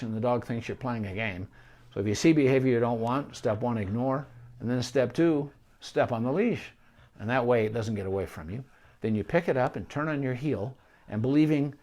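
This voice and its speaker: A man's voice: medium pitch, a little mellow. A middle-aged man, a veterinarian, giving an informal talk on training puppies, speaking conversationally with asides and restarts. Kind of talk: informal teaching on puppy training.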